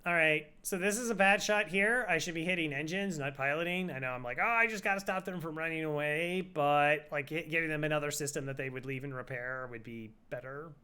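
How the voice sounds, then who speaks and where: A man's voice: on the high side, brisk, hardly any pauses, pushed and bright, slight background noise. A man casually reviewing a game run, laid-back, critiquing it with short quips. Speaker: co-host reviewing the old run.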